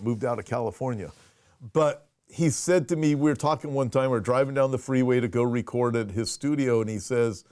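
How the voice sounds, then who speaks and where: A man's voice: medium pitch, darkish tone, dry recording, clean studio sound. A man, a pastor, hosting a casual conversational show with lots of restarts as he talks. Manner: conversational, restarts and fillers, reads viewer questions. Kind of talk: casual chat.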